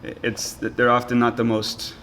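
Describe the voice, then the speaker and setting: A man co-hosting a podcast, reading listener questions and answering in a thoughtful, halting way. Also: mid-range voice, completely flat delivery, sharp tone, slight background noise. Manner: thoughtful, halting, restarts phrases. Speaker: podcast co-host. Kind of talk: casual chat.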